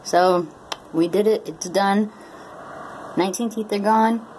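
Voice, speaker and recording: A woman's voice: medium pitch, slow pace, darkish tone, a little hiss or hum, low-quality recording. A woman from Maine, vlogging in a casual, rambling way while talking around brand-new dentures. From Maine, USA. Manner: rambling and chatty, with many fillers. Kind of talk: casual chat to camera.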